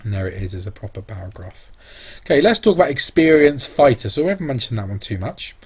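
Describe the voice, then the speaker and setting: A man's voice: medium pitch, sing-song, fast talker, husky. A man teaching a revision lesson on exam answers, explaining step by step and thinking aloud. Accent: British English. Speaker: English teacher.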